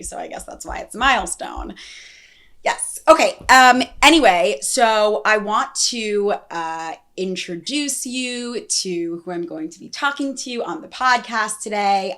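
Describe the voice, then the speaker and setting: A woman's voice: lowish voice, pushed and bright. A woman hosting a podcast, talking casually in a chatty, rambling way with many fillers. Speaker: podcast host.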